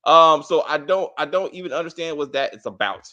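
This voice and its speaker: A man with a high voice that swoops up and down as he reviews a TV episode in casual chat. He talks bluntly and animatedly, cursing and tripping over restarts as his thoughts race ahead. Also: lively intonation, a little fast, bright, forceful tone, highs cut off. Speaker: TV show reviewer, co-host.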